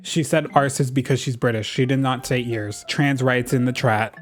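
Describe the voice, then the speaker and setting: A man talking through a video game in a chatty, gossipy way. He gets excited easily and keeps a running commentary going. His voice sits in a middle pitch. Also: normal speed, few pauses, soft background music. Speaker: gaming YouTuber. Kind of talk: casual gameplay commentary.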